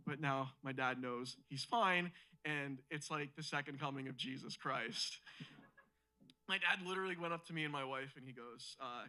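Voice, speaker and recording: Male stand-up host, stumbles over himself, then yells bits; bright, keen tone. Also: mid-range voice, normal speed, low-quality recording. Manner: rambling, self-interrupting, bursts into loud shouted impressions. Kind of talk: live stand-up comedy. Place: comedy club stage with audience.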